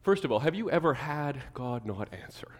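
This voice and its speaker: A man preaching a sermon to his church, animated, acting out the people he quotes. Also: mid-range voice, normal speed, in a large hall. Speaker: pastor.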